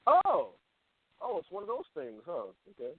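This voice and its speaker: A man's voice: a little high, very animated, quick pace, breathy edge, no echo. A man co-hosting a radio talk show, teasing and mock-incredulous as he questions a caller. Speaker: radio co-host. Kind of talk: comedic radio banter. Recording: tinny phone-like line.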